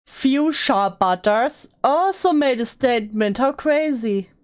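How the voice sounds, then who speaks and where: A woman's voice: high voice, animated, takes it slowly. A woman hosting drama commentary, reacting sarcastically and swearing bluntly. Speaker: commentary channel host.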